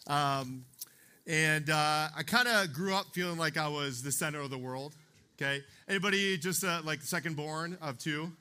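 At a moderate pace, a young man delivers a youth sermon in a slightly high voice that sounds pushed, bright, and clean. As a youth pastor, he chats along and keeps asking "okay?" and "right?"

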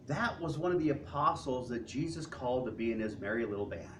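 A male pastor preaching a sermon in an animated, conversational way. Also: medium pitch, fairly quick. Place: church sanctuary. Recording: distant mic with faint room noise.

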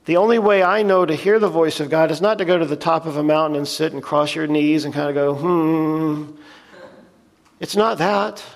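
Speaking fast with few pauses, a man in a fairly high voice preaches a sermon as a pastor. He reads scripture aloud earnestly and explains it plainly, his words carrying the long reverb of a large hall.

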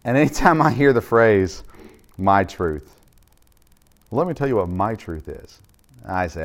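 Low-voiced man preaching a sermon. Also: lively intonation, measured pace, pauses often. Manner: conversational preaching with many fillers and restarts. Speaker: pastor.

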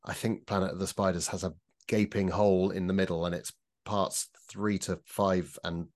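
A man co-hosting a casual panel podcast, giving measured critical opinions with frequent restarts. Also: low-pitched, little pitch movement, a little mellow. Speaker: podcast co-host.

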